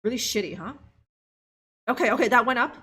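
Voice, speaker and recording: Lively, bright-voiced woman streamer. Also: fairly high pitch, brisk, breathy edge. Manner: chatty, laughing, talks to chat. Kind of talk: live gameplay commentary.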